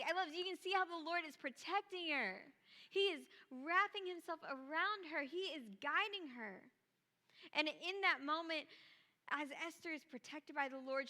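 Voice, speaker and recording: Bright-voiced woman preaching in a big hall. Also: sits high. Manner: lively storytelling, casual asides. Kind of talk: sermon. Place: church auditorium.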